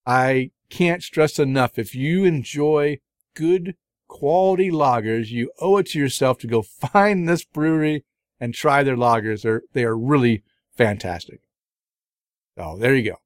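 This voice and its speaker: Unhurried and mid-range, this middle-aged man's voice carries a laid-back beer review chat on his podcast. He's enthusiastic about the beers he's tried, though he rambles, using fillers and restarting sentences. It's a dry, studio-quality recording.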